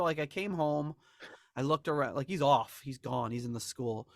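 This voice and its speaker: A man's voice: on the high side, steady tone, normal speed, fairly bright tone, dry recording, studio quality. A man hosting a fan podcast, telling a rambling everyday story with plenty of fillers. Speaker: podcast host. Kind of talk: casual chat. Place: home in suburbs.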